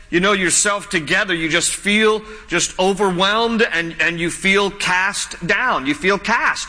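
A man's voice: sits high, sharp tone, in a large hall. A man preaching a sermon as a pastor, earnest and conversational, often repeating his points. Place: church sanctuary.

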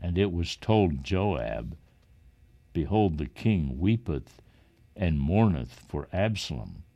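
Deep, slow solemn man reading scripture. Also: darkish tone, dull audio. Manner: solemn, measured. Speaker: reader.

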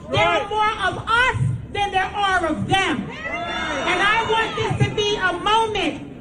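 Woman politician yelling at a rally, super high voice, echoey, crowd all around. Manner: shouting, outraged. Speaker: local politician. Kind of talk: rally speech. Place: outdoor rally. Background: cheering crowd.

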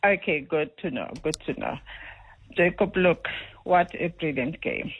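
A middle-aged woman calling in to a radio show, talking at length in an animated, storytelling way. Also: low voice, unhurried, husky. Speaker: caller. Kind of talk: phone-in chat. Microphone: telephone. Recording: tinny phone line.

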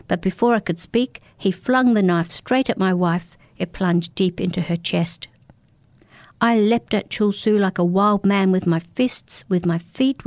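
Woman narrating a dark folktale. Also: mid-range voice, no room sound. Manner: steady, dramatic storytelling. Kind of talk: first-person storybook narration.

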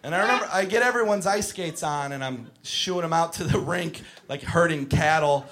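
A man doing stand-up, telling stories in an exasperated tone that breaks into shouted bits. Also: on the high side, moderate pace. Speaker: stand-up comedian, camp counselor. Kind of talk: stand-up comedy. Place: comedy club stage. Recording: live club set with crowd laughter. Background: audience laughing.

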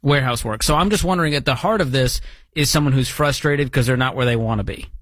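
A man's voice: mid-range voice, quick pace, a bit bright, no room sound. A man hosting a call-in radio show with an upbeat, joking manner. His voice sits in the middle of the range. The studio sound is dry and close. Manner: upbeat, joking, reads listener questions aloud. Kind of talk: casual call-in radio talk.

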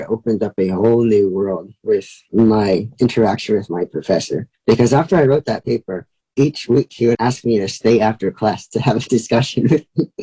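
A teenage boy answering questions as an interview guest, quick and casual, with lots of likes. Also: lowish voice, warm tone, husky, poor audio. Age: teens.

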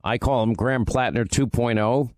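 In a radio studio, a male political talk radio host delivers an ad read and monologue in an emphatic, repetitive, punchy style. His medium-pitched voice is moderately paced and a little mellow, and the close studio mic gives a dry sound with no echo.

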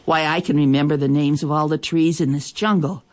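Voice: medium pitch, fairly even intonation, a little fast, natural voice. A storyteller voicing a proud, haughty female elephant who speaks crossly. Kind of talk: storybook reading.

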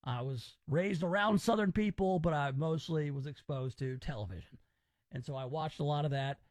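A man's voice: a little high, normal speed, no room sound. A man from Memphis hosting a casual talk radio show, opinionated and rambling as he reacts to stories. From Memphis, Tennessee, US.

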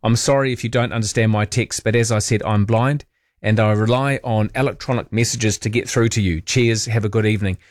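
A man hosting an overnight talk radio show, reading listener messages in a relaxed, chatty, self-deprecating way. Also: fairly low pitch, fairly quick, no echo, clean studio sound. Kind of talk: late-night radio, reading listener texts. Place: radio studio. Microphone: studio microphone.

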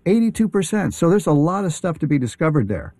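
A man talking casually as a guest on a radio show, enthusiastic but halting, with many fillers and restarts. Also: on the high side, very animated, dark tone, no room sound.

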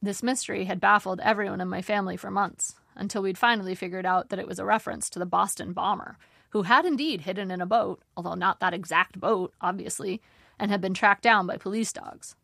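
A woman reading her own memoir aloud in a dry, measured storytelling manner. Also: mid-range voice, creaky, a bit bright, no echo. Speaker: narrator.

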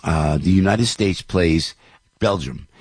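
A man's voice: deep voice, slow, darkish tone, husky, no echo, studio quality. An older man hosting talk radio, rambling through news headlines with opinions, many fillers and restarts. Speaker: radio show host.

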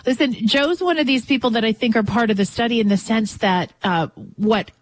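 A woman's voice: a little high, a little fast, dry recording. A woman hosting a call-in radio show, chatting about a topic and putting questions to her listeners and callers.

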